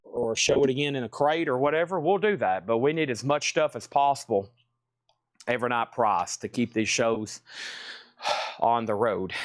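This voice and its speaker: A man runs a live record sale, chatting casually and rambling between items. His voice sits at a middling pitch, and the sound is dry and close with no room echo. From Tennessee. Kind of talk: live sales stream.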